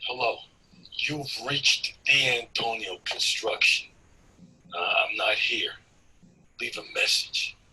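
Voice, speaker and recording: An actor playing a gruff New Jersey builder heard on an answering machine, curt and muttering. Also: male voice, mid-range voice, takes it slowly, long pauses, pushed and bright, exaggerated voice. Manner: curt, muttering under his breath. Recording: tinny answering-machine tape from far.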